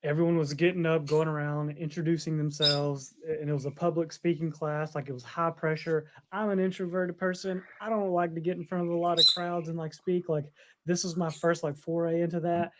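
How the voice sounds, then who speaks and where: A man's voice: a little high, little pitch movement, fairly quick, very noisy. A man co-hosting a podcast, telling a long story with frequent laughs. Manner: rambling storyteller, laughs often. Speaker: podcast co-host. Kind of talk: casual chat.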